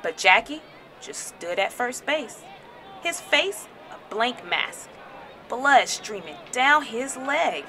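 A woman reading a children's picture book aloud in an expressive storytelling style, raising her voice for the crowd's chants. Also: on the high side, slow, slight background noise. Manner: dramatic, shouts crowd chants.

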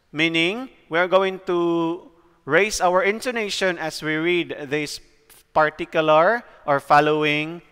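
A male teacher with a Filipino accent giving a recorded lecture, explaining slowly and often checking that students follow. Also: high-pitched, fairly bright tone, smooth, in a large hall.

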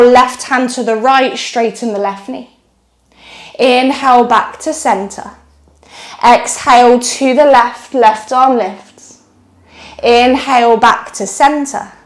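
Woman, yoga instructor, slow unhurried cues, slightly breathless, encouraging. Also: on the high side. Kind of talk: guided yoga class cues.

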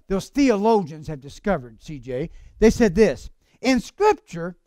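Fervent preacher man, high lively voice. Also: dry recording. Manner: fervent, calls out to the congregation for amens. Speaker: pastor. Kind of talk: sermon. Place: church service.

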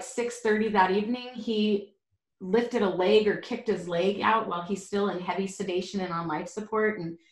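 Woman, 40s, podcast guest: earnest, halting testimony, low voice, roomy echo. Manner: earnest, halting storytelling with many fillers. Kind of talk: emotional personal testimony.

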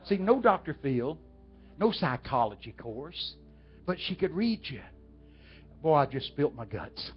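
Folksy Texan preacher telling stories. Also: male voice, fairly high pitch, big pitch swings, measured pace, long pauses. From Texas. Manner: folksy, talks directly to the audience. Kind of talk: storytelling sermon. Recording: dull lo-fi with faint music.

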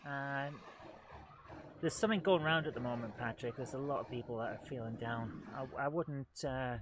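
A man's voice: mid-range voice, moderate pace. A man hosting a live game playthrough, joking and humming to himself as he plays. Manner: jokey, sings and hums to himself. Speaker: let's play host. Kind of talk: live gameplay commentary. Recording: loud game noise and sirens behind. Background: video game sounds, sirens.

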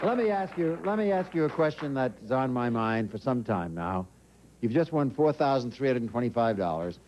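A man hosting a quiz show in a TV studio, joking with contestants and reading questions briskly. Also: mid-range voice, very animated, a little mellow. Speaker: game show host. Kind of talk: quizmaster patter. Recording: dull, noisy old TV audio.

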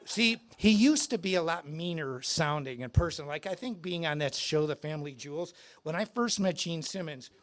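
A man giving a live guitar clinic in a music store, telling stories in an animated, excitable way. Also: a little high, normal speed, few pauses.

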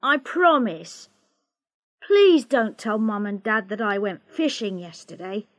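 A woman's voice: mid-range voice, animated, slow. A woman reading the lines of a teenage brother in a storybook, pleading with his sister.

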